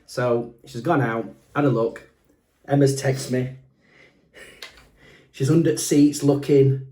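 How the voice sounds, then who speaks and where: A man spinning a casual anecdote on a podcast, animated and often laughing. His tone is mellow and dark, and the room adds a clear echo. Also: medium pitch, takes it slowly, pauses often. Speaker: podcast co-host. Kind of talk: casual storytelling.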